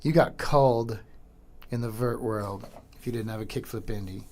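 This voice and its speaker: A middle-aged man hosting a podcast, commenting casually and excitedly over old skateboarding footage, slangy and swearing. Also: fairly low pitch, normal speed. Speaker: podcast host.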